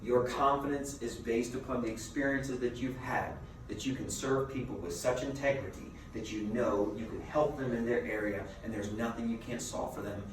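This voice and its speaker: A man's voice: medium pitch, moderate pace, hardly any pauses. Man coaching in a very echoey room. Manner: lively storyteller, acts out dialogue, rhetorical questions. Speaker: business coach. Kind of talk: motivational seminar talk. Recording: very echoey room, mic far off, faint noise.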